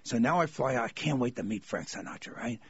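Husky-voiced man telling animated stories. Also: medium pitch, fast talker, no echo, muffled recording. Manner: animated, acts out the people in his stories. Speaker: comedian. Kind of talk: anecdotal storytelling.

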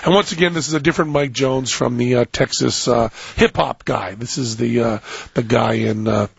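A man's voice: mid-range voice, moderate pace, creaky, breathy edge, dry recording, dull audio. A middle-aged American man hosting a radio show, telling a rambling story and interrupting himself. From United States. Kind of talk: casual radio chat with storytelling. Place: radio studio.

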